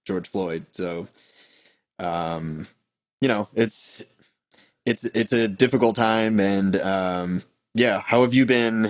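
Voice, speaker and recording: Male host, low voice, halting speech, casual video-call interview. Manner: halting, many fillers. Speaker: podcast host.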